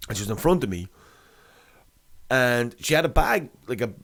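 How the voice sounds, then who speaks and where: A man's voice: medium pitch, big pitch swings, normal speed, vocal fry, fairly bright tone. A young man rambles through a story in casual podcast chat. He swears a lot and laughs often, and he keeps looping back on his own sentences. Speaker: podcast co-host.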